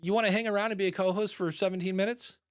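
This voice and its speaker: A man hosting a podcast in casual chat, animated and acting out quoted voices. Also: high-pitched, racing, clear, resonant tone, no room sound, clean studio sound. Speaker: podcast host.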